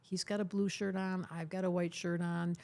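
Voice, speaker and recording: A woman's voice: fairly low pitch, little pitch movement, normal speed, creaky, darkish tone. An older woman, an astrologer, talking emphatically and teasingly in a podcast interview, often acting out the voices she quotes. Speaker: astrologer, guest.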